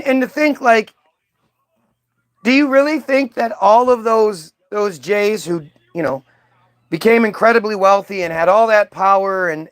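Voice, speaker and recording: Brief: male commentator, high voice, worked-up profane rant with stammered repeats, dry untreated sound. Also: fairly bright tone, no room sound. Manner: ranting, profane, repeats words when worked up. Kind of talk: heated commentary while reading aloud.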